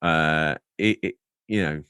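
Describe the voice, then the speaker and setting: A man's voice: very deep voice, slow pace, pushed and bright, clear, resonant tone, dry recording, clean studio sound. A man co-hosting a podcast in casual chat, playful and rambling, drifting into absurd jokes. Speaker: podcast co-host.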